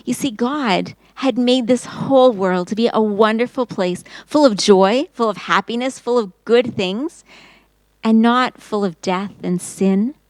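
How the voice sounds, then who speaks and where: A woman teaching Sunday school, telling a Bible story to children in an expressive storytelling voice. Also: a little high, unhurried, no room sound, low-quality recording. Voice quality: expressive storyteller, acting out quotes in raised voice.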